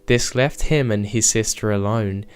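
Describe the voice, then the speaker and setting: A man narrating true scary stories in a measured, scripted storytelling delivery. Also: lowish voice, clear, resonant tone.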